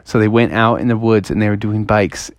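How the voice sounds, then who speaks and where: A woman telling a playful, improvised story to a child, in a lively storytelling manner. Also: a bass voice, brisk, no room sound.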